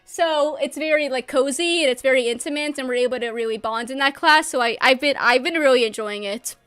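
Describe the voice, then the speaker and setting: A woman's voice: sits high, brisk, fairly bright tone, clear, resonant tone. A young adult woman chatting casually and bubbly while livestreaming a game from home, laughing often.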